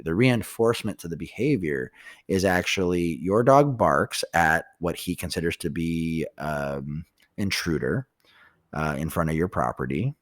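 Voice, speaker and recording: A man who co-hosts a dog training podcast, explaining behavior in a casual, talkative way with many pauses and restarts. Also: deep voice, no room sound, clean studio sound.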